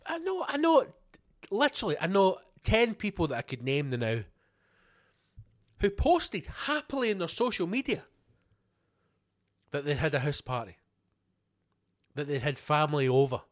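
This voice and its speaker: A man's voice: a little high, huge pitch swings, normal speed, pauses often, no room sound, studio quality. A Scottish man hosting a podcast, ranting angrily with heavy swearing and repeated rhetorical questions. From Scotland. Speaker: podcast host. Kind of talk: ranting monologue.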